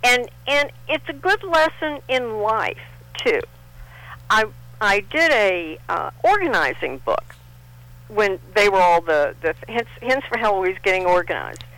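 A woman's voice: medium pitch, a little slow, rough recording. An older woman from Texas, a guest in a casual interview, telling stories animatedly and acting out the people she quotes. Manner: animated storyteller, acts out quotes.

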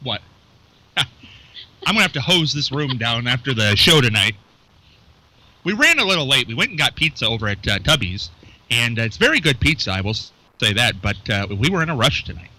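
A man's voice: mid-range voice, sing-song, bright, forceful tone, poor audio. A man hosting a casual local radio show from a small studio, joking loosely with his co-host and callers. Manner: loose, chatty, joking, reads phone numbers slowly.

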